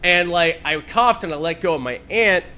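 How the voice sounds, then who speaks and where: A man telling a story on a live stream, rambling with many fillers and swearing freely, building to loud, animated bursts. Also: sits high, moderate pace, clear, resonant tone.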